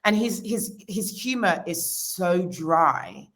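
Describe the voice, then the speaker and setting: Low-voiced woman, costume designer, chatty, lots of restarts. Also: expressive, slow pace, a bit bright. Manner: chatty, many restarts and fillers. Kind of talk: casual interview.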